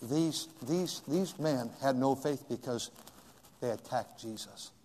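A man preaching a sermon, swinging from shouts to hushed pleas with dramatic pauses. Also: mid-range voice, a little hiss or hum. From California. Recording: long reverb of a large hall.

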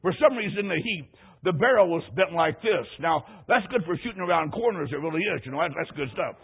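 A man's voice: a little high, expressive, fairly quick, breathy edge. A middle-aged male preacher delivering a sermon, telling a folksy story and repeating key phrases for emphasis. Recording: tinny lo-fi radio broadcast.

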